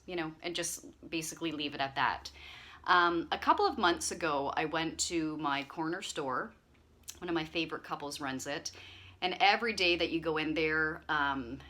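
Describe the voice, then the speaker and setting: A woman hosting her own channel, chatting casually to camera in a rambling, friendly way with lots of fillers. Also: low voice. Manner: chatty, warm-hearted rambling with frequent fillers. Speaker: channel host.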